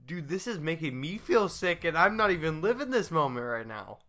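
A man's voice: on the high side, sing-song, normal speed, sharp tone. A young man co-hosting a podcast, reacting bluntly and swearing freely in casual chat. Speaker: podcast co-host.

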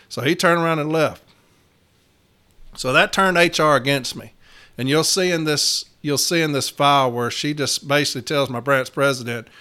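Man, slightly high-pitched, union steward type, casual storyteller: blunt, salty, emphatic, talks straight to his viewers. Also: normal speed, long pauses, sharp tone. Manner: folksy, addresses listeners as y'all.

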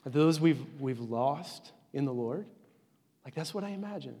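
A man in his forties preaching a conversational sermon as a pastor, earnest and informal, dropping to a hush at tender moments. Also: on the high side, expressive, a little slow. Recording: long hall reverb.

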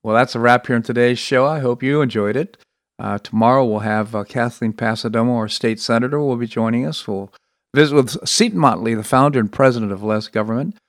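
A man's voice: medium pitch, a little fast, no room sound. A man hosting an internet talk show, speaking with enthusiasm and frequent restarts. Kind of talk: casual political talk. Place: Florida.

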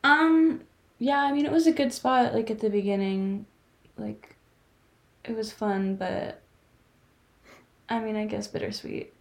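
Unhurried and gravelly, this twenty-something woman's fairly high voice stays fairly even in intonation, with long pauses. Co-hosting a podcast, she rambles through casual stories packed with "like" and other fillers.

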